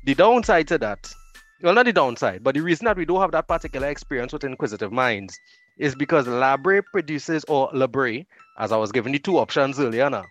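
A man with a Trinidadian accent, a radio host chatting as a podcast guest, telling animated stories. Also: medium pitch, fast, faint music behind. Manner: animated storyteller, laughs easily. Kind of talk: casual chat.

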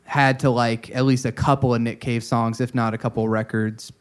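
A man's voice: medium pitch, flat delivery, moderate pace. A man co-hosting a casual music podcast, thinking aloud with many fillers and restarts. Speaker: podcast co-host.

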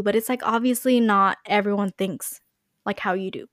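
A woman's voice: mid-range voice, fairly even intonation, normal speed, fairly bright tone, dry recording, studio quality. A young woman chatting casually on a podcast, with a lot of "like" and "you know". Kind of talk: casual chat.

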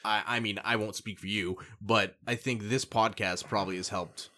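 A man co-hosting a podcast who talks candidly in a halting way, with many fillers. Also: fairly low pitch, steady tone, pushed and bright. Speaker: podcast co-host. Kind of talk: casual chat.

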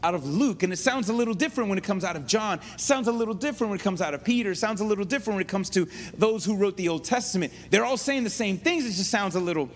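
Man preaching, high voice, lively, chatty asides, faint rumble behind. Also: fast talker, few pauses. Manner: conversational, animated teaching with asides and restarts. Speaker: pastor. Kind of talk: sermon.

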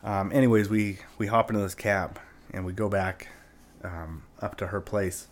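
Man, lowish voice, casual storytelling, rambling, profane, lots of filler words. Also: level tone, moderate pace. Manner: rambling and profane, full of "like" and "right?".

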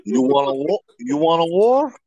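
A man's voice: a little high, big pitch swings, normal speed, dark tone, dry recording, voice pushed up, rough recording. A man putting on the voice of a swaggering tough-guy male wrestler with a Miami gangster swagger, taunting in a cocky, menacing way.

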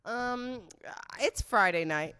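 A young woman hosting a casual livestream, loud and laughing, swearing often as she chats to her viewers. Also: on the high side, expressive, slow, clear, resonant tone. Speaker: livestream host.

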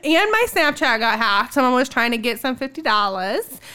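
Bright, high-voiced young woman storyteller. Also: normal speed, smooth. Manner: animated, laughing storyteller, many "like" fillers. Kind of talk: casual storytelling chat.

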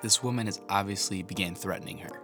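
A man's voice: deep voice, quick pace, vocal fry, fairly bright tone, faint music behind. A man narrating a podcast story in an earnest, reflective tone. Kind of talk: scripted narration.

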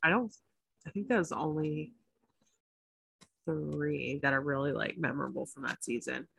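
A woman podcast co-host in casual chat, talking fast with swearing and animated asides. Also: low-pitched, creaky, slightly rough, no room sound. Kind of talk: casual chat about reality TV.

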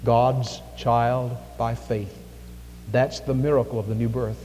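A man preaching a sermon in a church, emphatic, with dramatic pauses and big swings in volume. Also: mid-range voice, little pitch movement, mellow. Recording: echoey hall with faint music.

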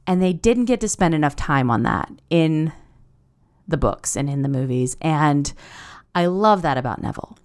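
A young woman hosts her podcast alone, talking in a loose, rambling way and gushing over what she loves. Her voice sits a little low for a woman and sounds clean and smooth. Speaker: podcast host. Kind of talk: casual podcast monologue.

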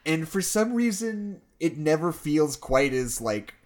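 A woman's voice: low voice, very animated, measured pace, darkish tone. A woman co-hosting a podcast in casual chat, laughing often and acting out movie lines in silly voices. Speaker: podcast co-host.

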